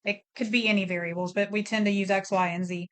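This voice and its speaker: Smooth-voiced woman teaching a math lesson. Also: mid-range voice, steady tone, fast. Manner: plain explanatory, thinks aloud through steps.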